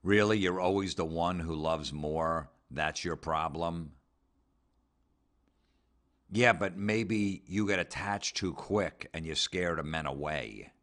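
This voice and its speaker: A man's voice: deep voice, takes it slowly, a bit bright. A man hosting a comedy show, ranting sarcastically with heavy swearing and mocking the people he talks about. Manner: sarcastic, mocking, swears heavily, mimics people in put-on voices. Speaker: comedy podcast host. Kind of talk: profane ranting comedy commentary.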